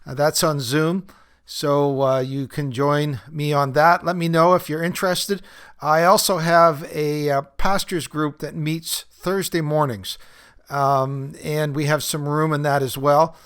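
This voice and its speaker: Smooth-voiced man chatting on his podcast. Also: a little high, fairly even intonation, a little slow, a bit bright. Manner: conversational, many fillers, laughs at his own stories. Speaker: podcast host and recovery group leader. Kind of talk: casual solo podcast talk.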